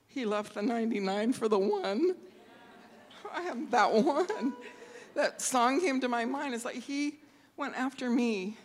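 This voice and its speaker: Emotional woman in an echoing hall. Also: medium pitch. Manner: halting, laughs and tears up while speaking. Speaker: church member giving testimony. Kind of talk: emotional personal testimony. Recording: long reverb of a large hall.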